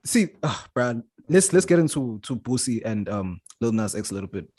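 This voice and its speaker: A man's voice: medium pitch, very animated, a little fast, hardly any pauses, dark tone, no echo, studio quality. A man co-hosting a casual podcast, laying out his points in a laid-back, explanatory way. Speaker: podcast co-host. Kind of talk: casual chat.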